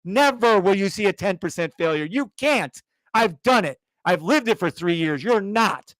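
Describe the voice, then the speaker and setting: A man's voice: high-pitched, lively intonation, moderate pace, fairly bright tone, no echo. A man giving an insistent, fired-up sales rant on a live stream, repeating himself and swearing. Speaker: trading course seller.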